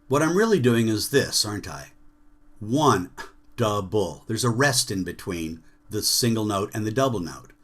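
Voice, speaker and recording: A man's voice: fairly low pitch, sing-song, normal speed, hardly any pauses, a bit bright. A man leading an online jazz workshop, chanting rhythm syllables and checking in with students over a video call.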